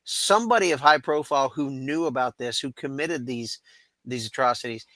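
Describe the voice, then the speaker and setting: A man's voice: medium pitch, normal speed, over a noisy crowd. A man in casual political chat, speaking bluntly and emphatically. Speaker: panelist.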